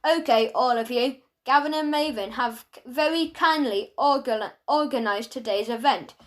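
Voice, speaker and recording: A woman's voice: high-pitched, normal speed, natural voice. A woman voicing a fussy, absent-minded male schoolteacher who talks in a flustered way.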